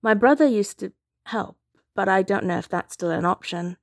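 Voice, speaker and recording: A woman voicing a gentle, troubled young man who hides his pain, soft and evasive, in a storybook reading. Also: medium pitch, moderate pace, no room sound, studio quality, lightly acted.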